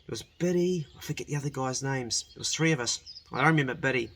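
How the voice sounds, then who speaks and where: Older guy telling a rambly story, keeps correcting himself, bright kinda sharp voice. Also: medium pitch, quick pace. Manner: rambling, self-correcting, laughs while telling. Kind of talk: casual personal storytelling.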